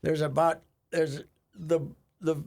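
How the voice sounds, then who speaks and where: A man's voice: fairly high pitch, little pitch movement, slow pace, darkish tone. An older man telling a rambling, chuckling story in casual radio chat, with frequent restarts. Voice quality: gravelly, husky. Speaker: radio show regular.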